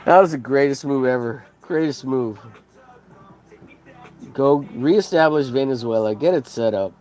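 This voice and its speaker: A man's voice: medium pitch, a little slow, darkish tone, faint music behind. A man hosting a podcast, ranting casually in a profane, rambling, heated way. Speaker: podcast host. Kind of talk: casual rant.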